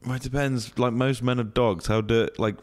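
A man's voice: mid-range voice, fairly even intonation, normal speed, a little mellow. A young man co-hosting a podcast, answering with dry, skeptical wisecracks in casual chat. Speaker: podcast co-host.

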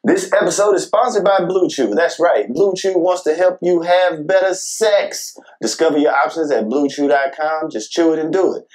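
A man, a podcast host, reading a sponsor ad in a relaxed, joking, conversational way. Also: a little high, normal speed, hardly any pauses. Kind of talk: casual ad read.

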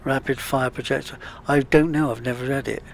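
Man, gravelly voice, slow-paced let's-play chatter, faint background hum. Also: medium pitch, fairly even intonation. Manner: chatty, muttering to himself while playing. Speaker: gaming channel host. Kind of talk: casual let's-play commentary.

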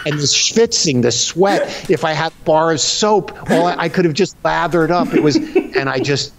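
A middle-aged man from Connecticut, a comedian guest telling a story with lively energy and frequent high laughter, talking from his home. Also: moderate pace, creaky, a little hiss or hum. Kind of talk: animated comic storytelling.

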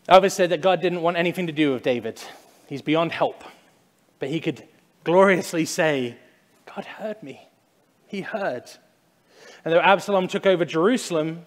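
A man preaching a sermon in a church, speaking conversationally, at times acting out loud cries and then dropping to a hushed, slow emphasis. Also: on the high side. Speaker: pastor. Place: church sanctuary. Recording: long church reverb.

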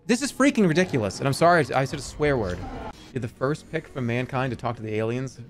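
A man's voice: medium pitch, expressive, fast talker, faint music behind. A man streaming a game, chatting casually, swearing and flying into frustrated outbursts. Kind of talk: casual gaming stream chat.

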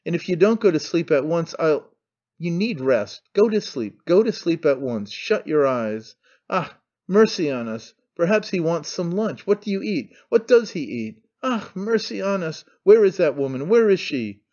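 A man reading an audiobook, voicing a domineering aging noblewoman who scolds and commands in sharp outbursts. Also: a little high, very animated, moderate pace, lo-fi sound, pitched above the performer's own voice. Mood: fierce.

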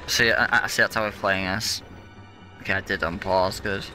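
A man's voice: low-pitched, level tone, moderate pace, pushed and bright, soft background music. A young man commentating his own gameplay, ranting and swearing in frustration at the controls. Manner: frustrated, swearing, exasperated rants. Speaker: let's play gamer.

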